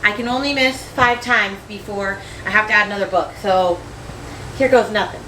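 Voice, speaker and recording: Chatty, excitable young woman book vlogger. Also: normal speed, heavy background noise. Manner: chatty and excitable, with sudden high exclamations. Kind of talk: casual chat.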